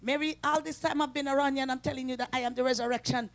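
A woman voicing a gentle, patient male Jesus, speaking softly and coaxingly. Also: high-pitched, steady tone, racing. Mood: gently coaxing. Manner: soft, hushed, coaxing.

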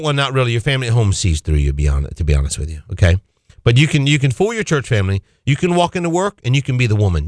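A male radio preacher delivering a sermon, swinging his pitch and emphasis suddenly. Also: dry recording, clean studio sound.

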